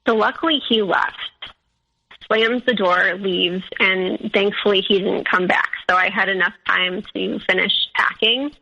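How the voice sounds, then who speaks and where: A young woman being interviewed, telling a personal story candidly, with many fillers and animated quotes of others. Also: mid-range voice, a little slow, gravelly, husky, muffled recording. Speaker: interview guest.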